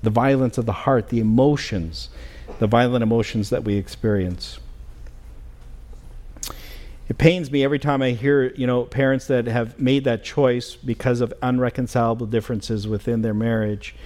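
A middle-aged man preaching a sermon as pastor in a church, earnest and halting, with many fillers and restarts. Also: mid-range voice, steady tone, darkish tone. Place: church sanctuary.

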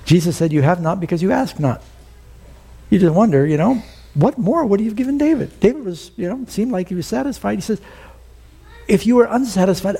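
Man, middle-aged, pastor, sermon, husky, mellow, animated storytelling. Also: high-pitched, brisk. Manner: animated storytelling, acting out quoted voices.

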